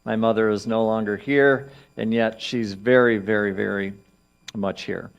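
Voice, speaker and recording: A man speaking as minister, reading an inspirational piece to his congregation in a gentle, reflective, soft-spoken way. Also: fairly low pitch, fairly even intonation, a little slow, gravelly, muffled recording. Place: church sanctuary.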